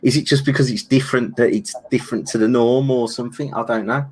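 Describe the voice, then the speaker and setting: A man's voice: mid-range voice, fast talker, breathy edge. A man with a Birmingham accent, co-hosting a casual chat and telling rambling stories with lots of restarts. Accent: Brummie. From England. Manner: rambling, animated storytelling with restarts. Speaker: co-host.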